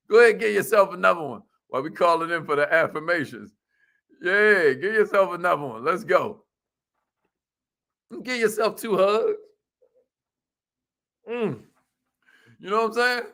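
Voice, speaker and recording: A man's voice: high voice, bright, forceful tone. A man hosting a casual motivational live stream, hyped and slangy, repeating his phrases and laughing often.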